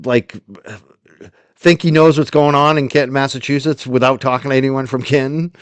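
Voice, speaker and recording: A man's voice: mid-range voice, fairly even intonation, normal speed, clean tone, dry recording. A man hosting a stream, reacting to a clip with sarcastic, mocking commentary and frequent laughter. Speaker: stream host.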